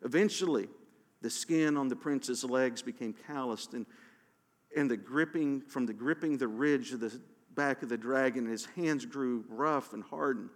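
A male storyteller reads aloud at an ordinary pitch, giving the tale steady, dramatic weight and stumbling into a few restarts. His voice carries a long reverb, as if heard across a large hall. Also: measured pace.

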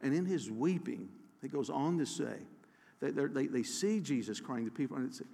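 A man preaching a sermon as pastor, earnest, restarting phrases and slowing to a hushed emphasis on key words. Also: mid-range voice, expressive, gravelly, big-room sound. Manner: earnest, with many restarts and soft slowed emphasis.

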